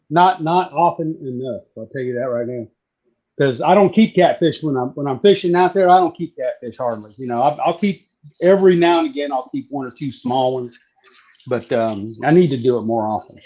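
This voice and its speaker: A man from southeastern Virginia, chatting casually while demonstrating how to fry catfish. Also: fairly high pitch, fairly quick. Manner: folksy, relaxed, drawling. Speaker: cooking guest. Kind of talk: casual cooking demo on a live stream. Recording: dull lo-fi stream audio.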